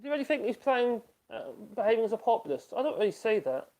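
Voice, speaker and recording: A man's voice: extremely high pitch, big pitch swings, fast, darkish tone. Man, live-stream host, rambling casual chat, laughs often, reacting to comments. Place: home workshop.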